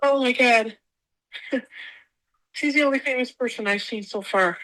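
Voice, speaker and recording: Excitable woman telling a rambling story. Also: fairly high pitch, measured pace, rough recording. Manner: rambling, repeats herself, animated. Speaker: podcast guest. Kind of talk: emotional personal storytelling.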